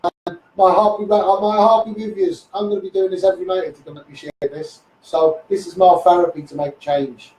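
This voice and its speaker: A man's voice: high voice, fairly even intonation, fairly quick, few pauses, a little mellow. A man with a Liverpool accent ranting bluntly in a rambling live-stream monologue, calling his listeners "mate". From England. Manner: rambling, blunt, keeps saying "mate" and "you know what I mean". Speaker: livestreamer. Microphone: phone livestream. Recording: roomy, distant phone livestream with faint noise.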